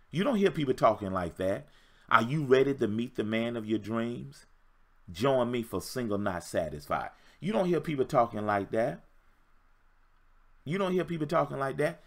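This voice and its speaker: A man in his fifties, a relationship coach giving an emphatic, preachy motivational talk on a livestream and repeating his points. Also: mid-range voice. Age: 50s. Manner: emphatic, repetitive, preachy exhortation.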